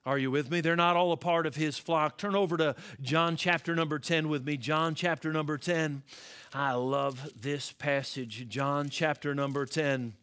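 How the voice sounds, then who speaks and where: An American male pastor preaching a sermon in a church, his voice bright and forceful and sitting a little high. He swings from hushed, low stretches up to loud, climbing declarations. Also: fairly even intonation, moderate pace, smooth. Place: church sanctuary.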